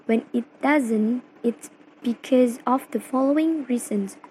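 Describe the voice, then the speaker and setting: A young woman from Indonesia with an Indonesian accent, reading a class presentation slowly and carefully, phrase by phrase. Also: on the high side, mellow, slight background noise, rough recording. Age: young adult. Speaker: student presenter. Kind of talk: read-aloud class presentation.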